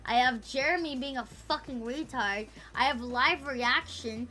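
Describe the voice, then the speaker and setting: Give me a high, bright-voiced woman streamer. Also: measured pace, few pauses, faint music behind. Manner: rambling, profane and playful, teasing the chat. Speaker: livestreamer. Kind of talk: casual livestream chat with viewers.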